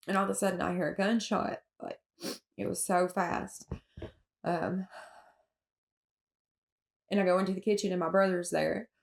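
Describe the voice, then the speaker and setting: A Southern woman from Alabama, recounting her own story in an interview in a halting way, with many fillers and restarts and nervous laughs. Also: lowish voice, vocal fry. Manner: emotional, with nervous laughs at hard moments.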